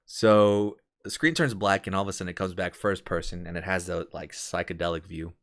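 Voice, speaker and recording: Brief: very low-pitched man, laid-back slangy host, dry close sound. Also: a little fast, fairly bright tone, no echo. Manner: laid-back, slangy, says "dude" a lot. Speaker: podcast host. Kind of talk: casual chat.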